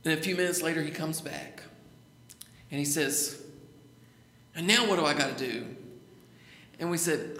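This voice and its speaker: A man's voice: fairly high pitch, moderate pace, long pauses, sharp tone. A middle-aged man, a pastor preaching a sermon in church, repeating his phrases and calling for amens. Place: church sanctuary. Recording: echoey church hall.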